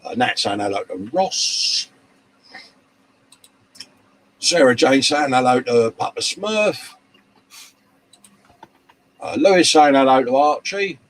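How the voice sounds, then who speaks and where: Seated at a hobby workshop bench, a live-stream host reads out viewer comments, friendly and chatty, addressing viewers as mate and love, though he's short on sleep and tired. His mid-range voice is expressive, a little slow, and full of pauses. The recording quality is low.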